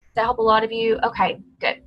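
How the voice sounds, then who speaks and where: A woman's voice: on the high side, level tone, fast, lo-fi sound, slight background noise. A woman leading a team call, coaching her team in a direct, encouraging, chatty way.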